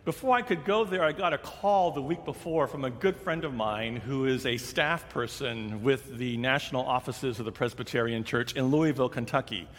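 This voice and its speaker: A man's voice: mid-range voice, normal speed, hardly any pauses. A male pastor preaching in a big sanctuary, his voice trailing off in a long hall reverb. He tells his story in a loose, chatty way, slipping into the voices of the people in it. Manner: conversational, animated storytelling with acted quotes. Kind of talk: sermon storytelling.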